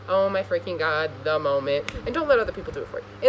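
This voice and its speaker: A woman giving a casual astrology reading to camera, blunt, profane and scolding, with an animated delivery. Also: fairly low pitch, a little fast, few pauses, a little hiss or hum, poor audio. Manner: animated, acts out voices. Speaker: astrology reader.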